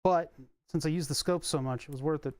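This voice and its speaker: A man's voice: on the high side, fairly quick, darkish tone, clean tone, no room sound. A man chatting casually on a live stream while he tinkers with electronics at his workbench, rambling and wry, with the odd swear. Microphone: desk microphone.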